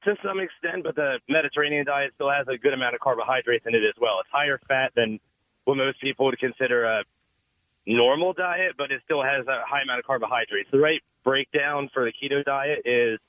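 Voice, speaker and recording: Caller, hoarse man with a cold, calm explainer, tinny phone line, dry. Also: medium pitch, brisk, no echo. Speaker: caller, keto specialist.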